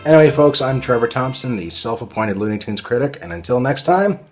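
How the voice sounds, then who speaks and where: A man's voice: medium pitch, lively intonation, fairly quick, music in the background. A man reviewing cartoons in a casual, rambling way, full of fillers and sarcastic asides.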